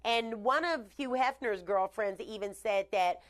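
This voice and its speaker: A woman hosting a live online show, chatting casually with shout-outs and blunt opinions. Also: mid-range voice, measured pace. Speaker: host. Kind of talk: casual live-stream talk.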